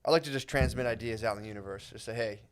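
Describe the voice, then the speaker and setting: 30s dude cohosting a podcast, talks fast, rambly, keeps saying dude. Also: male voice, mid-range voice, clear, resonant tone. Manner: rambling, says dude a lot, frequent restarts. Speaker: podcast co-host. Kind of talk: casual chat.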